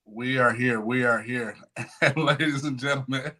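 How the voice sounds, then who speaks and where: A man's voice: medium pitch, steady tone, bright, forceful tone. A man hosting a sports podcast, joking and hyping up his co-hosts. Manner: hype, joking, drawn-out emphasis. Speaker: podcast host. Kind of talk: lively sports podcast chat.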